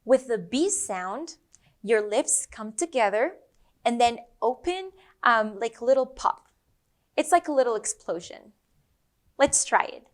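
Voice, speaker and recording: Brazilian-accented female teacher, deliberate unhurried pace, exaggerated sound modelling for repeat-after-me drills. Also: fairly high pitch, lively intonation. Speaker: English pronunciation teacher. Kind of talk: pronunciation lesson.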